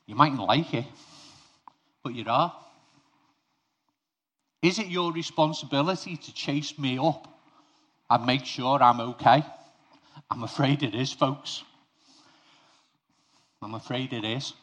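A man giving a relaxed, conversational sermon in a voice of middling pitch. He talks straight to his congregation and weaves in personal stories. The tone is candid and plain-spoken rather than formal. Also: unhurried, long pauses, breathy edge. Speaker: preacher. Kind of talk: informal sermon.

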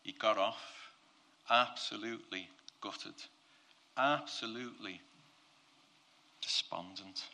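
Gravelly, bright-toned male preacher. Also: on the low side, steady tone, unhurried. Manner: conversational storytelling, swings from quiet to loud. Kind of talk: sermon.

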